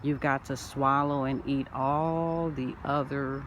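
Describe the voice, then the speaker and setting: Slow-talking woman, rambling spoken word. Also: very deep voice, fairly even intonation, slight background noise. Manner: wordplay, sing-song, drifts between loud declarations and soft asides. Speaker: spiritual self-help vlogger.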